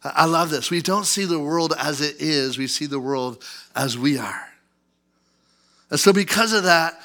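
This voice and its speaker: A male pastor in his thirties preaching a sermon in church, animated and acting out angry outbursts. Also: fairly high pitch. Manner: animated, acts out outbursts in a loud put-on voice.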